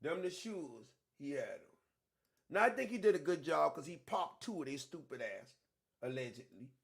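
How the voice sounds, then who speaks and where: A man hosting a casual livestream, talking with emphasis and profanity and repeating himself to drive points home, moving between low mutters and loud outbursts. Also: expressive, normal speed, vocal fry, breathy edge. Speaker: online show host.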